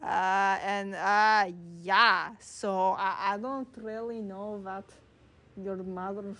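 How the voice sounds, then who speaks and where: A woman talking to her channel in a loose, wandering monologue, circling back with fillers and false starts. She speaks slowly and unhurriedly at a middling pitch for a woman. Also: fairly even intonation, a bit bright. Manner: rambling, many filler words and restarts. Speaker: channel host. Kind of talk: casual rambling monologue.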